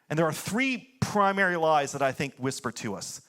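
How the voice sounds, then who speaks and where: High-voiced conversational pastor preaching. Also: male voice, expressive, a little fast, few pauses, a bit bright. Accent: American. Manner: conversational preaching, fillers like "like", swings into blunt punchlines. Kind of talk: sermon.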